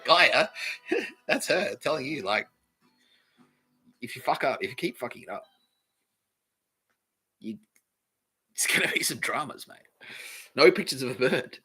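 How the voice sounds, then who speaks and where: A man hosting a solo podcast, ranting in a profane, animated way and laughing often. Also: medium pitch, measured pace, long pauses, breathy edge. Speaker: podcast host. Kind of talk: rambling solo podcast monologue.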